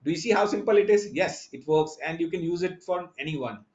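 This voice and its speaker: A man's voice: fairly high pitch, darkish tone. Man lecturing in an echoey lo-fi room. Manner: halting, many fillers and restarts; explanatory, addresses the audience directly. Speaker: conference speaker. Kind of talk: online conference lecture. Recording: echoey lo-fi online talk audio.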